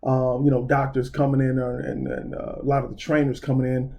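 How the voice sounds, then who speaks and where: A man talking as a podcast guest at an ordinary middle pitch. He speaks earnestly and thoughtfully, often pausing on fillers as he recalls the past. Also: completely flat delivery, creaky, darkish tone. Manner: earnest and reflective, many fillers like um and you know. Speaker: podcast guest, basketball recruiter. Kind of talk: casual interview chat.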